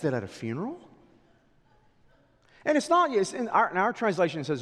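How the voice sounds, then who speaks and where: A pastor preaching a sermon, swinging from loud declarations to hushed whispers. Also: male voice, high-pitched, wildly swooping pitch, brisk, long pauses. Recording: long hall reverb.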